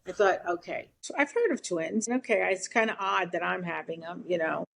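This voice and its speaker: A woman's voice: lowish voice, moderate pace, creaky, fairly bright tone, a little hiss or hum. An older woman, a podcast guest telling a long story bluntly and with salty swearing. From Brooklyn, New York. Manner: brash, blunt, swears freely.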